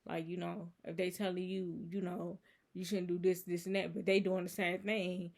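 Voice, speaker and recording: A woman's voice: lowish voice, level tone, fairly quick, darkish tone. Earnest woman rambling about faith. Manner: rambling, earnest, many fillers like "you know" and "so it's like". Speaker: channel host. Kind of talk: casual faith vlog monologue.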